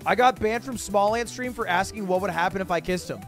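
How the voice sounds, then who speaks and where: Streaming with faint music playing behind him, a man in his twenties whose voice sits high talks a little fast. He reads out viewer messages and answers them with sarcastic, profane jokes in a casual chat.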